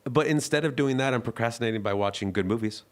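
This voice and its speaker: A man's voice: mid-range voice, fast. A young man co-hosting a podcast, talking casually in a rambling, self-mocking way full of "like". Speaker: podcast co-host. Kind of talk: casual chat.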